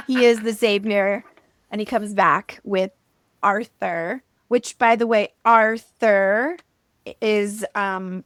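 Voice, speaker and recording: A podcast host with a mid-range voice retells a myth in a relaxed, chatty style, full of fillers and laughter. The sound is clean and dry, like a studio recording.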